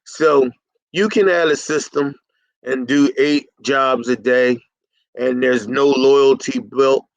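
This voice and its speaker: A man's voice: fairly high pitch, dry recording, low-quality recording. A middle-aged man consulting for carpet cleaners, talking in a folksy coaching style and sometimes acting out both sides of a conversation. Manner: folksy, plays both sides of an imagined dialogue.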